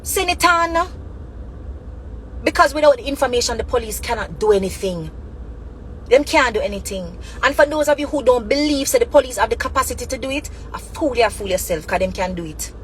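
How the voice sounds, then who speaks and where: A woman's voice: on the high side, lively intonation, fast talker, a little hiss or hum, low-quality recording. Emphatic Jamaican woman commentator. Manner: emphatic, repetitive, speaks in Jamaican Patois and English. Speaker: commentary channel host. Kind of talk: impassioned spoken commentary.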